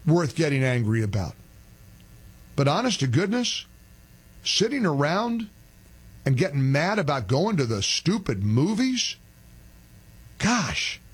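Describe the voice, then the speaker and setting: An older man hosting a radio talk show, talking animatedly and rising to an emphatic pitch when he rants. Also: husky.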